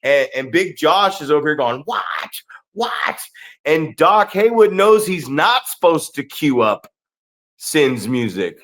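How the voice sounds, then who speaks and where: A man's voice: fairly high pitch, sing-song, unhurried, fairly bright tone. A man co-hosting a podcast, telling a story in a casual, profane, rambling way and often checking in with "right?". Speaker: podcast co-host and pro wrestler.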